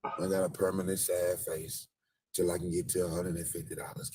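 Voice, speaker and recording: A man's voice: low-pitched, normal speed, background noise. A man hosting a live stream from outdoors, joking crudely and rambling in casual street commentary. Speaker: livestream host. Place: outdoors outside a store.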